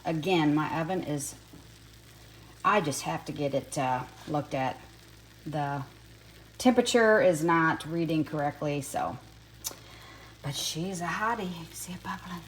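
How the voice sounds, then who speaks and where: A woman's voice: deep voice, unhurried, long pauses, slight background noise. An older woman with a Southern US accent, chatting folksily through a casual home cooking demonstration. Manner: chatty, folksy, talks while eating.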